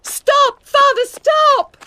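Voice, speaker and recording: A woman doing a shrill pleading girl. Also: lively intonation, moderate pace, background noise, lightly acted. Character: young girl, desperate and pleading daughter.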